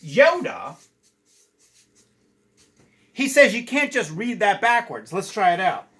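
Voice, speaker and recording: A man's voice: high-pitched, moderate pace. A man, a children's book author, chatting casually with young readers and reading aloud from his own book. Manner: animated, chatty, many uh fillers.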